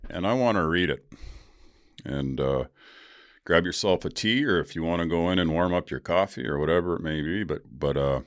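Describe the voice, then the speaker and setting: A man's voice: low voice, moderate pace, no echo, studio quality. A middle-aged man hosting his own podcast, talking candidly in a rambling, casual way, with frequent swearing and fillers. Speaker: podcast host. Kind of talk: casual solo podcast talk.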